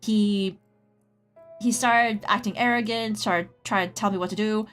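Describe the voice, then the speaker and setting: A woman's voice: mid-range voice, fairly even intonation, a little slow, a bit bright. A woman streaming while she draws, telling a rambling story in casual chat, full of "like", and stopping to greet her chatters. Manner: rambling storytelling, heavy use of "like". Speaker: streamer and artist. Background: faint background music.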